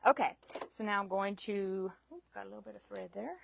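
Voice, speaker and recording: A woman's voice: medium pitch, brisk, vocal fry, a little hiss or hum. A woman teaching a live sewing demonstration, chatty and self-deprecating, laughing at her own mistakes. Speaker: sewing instructor.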